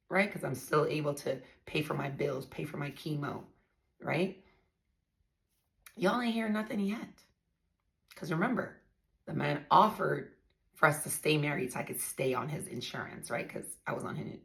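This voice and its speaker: Speaking straight to her listeners, a podcast host recounts her own story bluntly and with emphasis in a candid monologue. She has a low, bright voice with vocal fry and a forceful tone.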